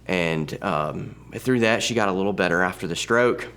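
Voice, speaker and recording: A man in his thirties sharing a personal testimony in a halting, conversational way, often restarting his sentences. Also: low voice, a bit bright, smooth. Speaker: church testimony speaker.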